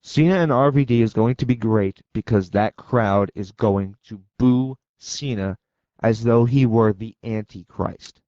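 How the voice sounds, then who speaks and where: A man's voice: lowish voice, warm tone, no room sound. A man co-hosting a radio talk show, giving blunt, opinionated takes and launching into rants. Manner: blunt, opinionated, quick to rant. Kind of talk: casual radio debate. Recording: dull dry AM radio broadcast.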